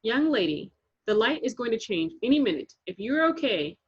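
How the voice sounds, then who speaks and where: A woman's voice: on the high side, sing-song, moderate pace, breathy edge. A woman voicing a grown-up female crossing guard who speaks dryly and firmly to a child. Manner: dryly teasing, then firm. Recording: dull lo-fi recording.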